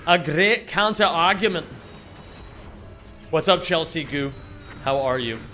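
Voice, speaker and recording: A man's voice: fairly high pitch, expressive, a little slow, pushed and bright, soft background music. A young man live-streaming a game, joking around casually and greeting viewers by name. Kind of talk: casual live-stream chat while gaming.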